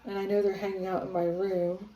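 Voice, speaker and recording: A woman psychic medium talking casually on her home vlog, rambling with many fillers and growing excited as she channels spirits. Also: medium pitch, fairly quick, roomy sound, a little hiss or hum, low-quality recording. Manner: grows excited and awed while channeling. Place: her home, near living room and kitchen.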